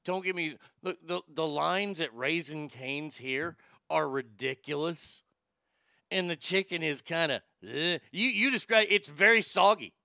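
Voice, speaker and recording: A man's voice: on the high side, unhurried, gravelly, bright, forceful tone, dry recording, clean studio sound. A middle-aged man, rambling casually and profanely as he reads from a chat. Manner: profane, folksy, rambling with restarts. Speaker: livestream host reading chat.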